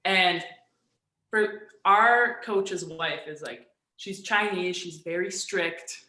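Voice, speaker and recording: A young woman, a professional volleyball player, telling a story in a relaxed, chatty way with lots of "like". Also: lowish voice, slow pace, echoey room. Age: young adult. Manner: animated storyteller, frequent "like". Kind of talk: casual storytelling on a video call.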